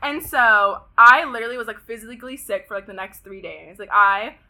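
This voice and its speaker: A young woman of about twenty from Pasadena, California, a podcast guest telling a story in an animated, dramatic way, full of "like" and swearing. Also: fairly high pitch, brisk, slight background noise. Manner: dramatic, animated retelling, heavy use of "like" and swearing. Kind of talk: casual storytelling chat.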